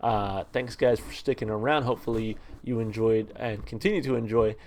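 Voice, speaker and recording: A man hosting a music reaction channel, talking through a song in a relaxed, rambling way and reading its lyrics aloud. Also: lowish voice, moderate pace, slight background noise. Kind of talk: casual music review talk.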